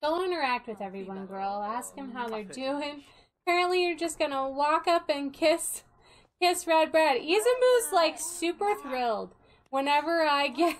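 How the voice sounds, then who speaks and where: A young woman casually commenting on a life-sim game she plays, chatty and quick to laugh. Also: high-pitched, low-quality recording. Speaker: gaming video host.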